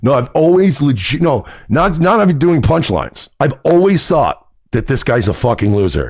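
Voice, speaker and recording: A man's voice: medium pitch, sing-song, moderate pace, hardly any pauses, darkish tone. A man in a played clip, speaking in an indignant, sarcastic and profane way. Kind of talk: clip of a podcast rant.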